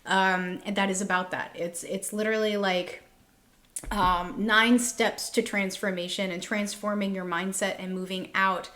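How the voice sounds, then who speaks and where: Woman, thirties, casual tarot reading vlog, emphatic, repeats lines for effect, mid-pitched voice. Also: fairly even intonation, a little slow, a bit bright. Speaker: tarot reader.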